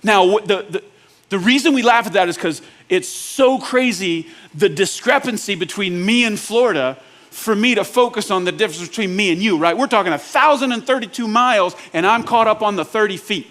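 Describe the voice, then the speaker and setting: Man, pastor, sermon, casual joking delivery, talks straight to the congregation, voice pitched a bit high. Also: a little fast, fairly bright tone. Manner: asks the audience rhetorical check-ins.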